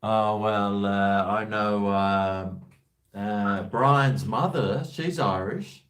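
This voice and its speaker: A man's voice: lowish voice, drawn-out words, a bit bright. A man from Australia hosting a casual live-stream chat, rambling, hesitant and swearing freely. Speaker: host.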